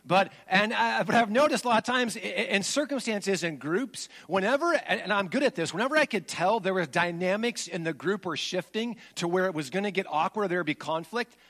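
Male pastor, forties, higher register; honest, self-revealing sermon delivery with lively peaks and hushed confessions. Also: fairly quick, few pauses. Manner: candid and confessional, swings between animated emphasis and low quiet admissions.

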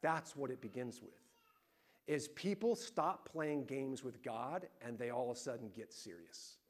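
A middle-aged man preaching a sermon, telling lively family stories and acting out the voices in them. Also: medium pitch, measured pace. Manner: animated storyteller, acting out family arguments loudly. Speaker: pastor.

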